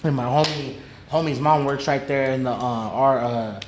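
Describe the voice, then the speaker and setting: A man with a mid-range voice and steady tone speaks at a normal speed, telling a story as a guest on a laid-back podcast. His retelling is profane and slangy, with quoted dialogue performed in character voices. The room is echoey, carrying faint noise.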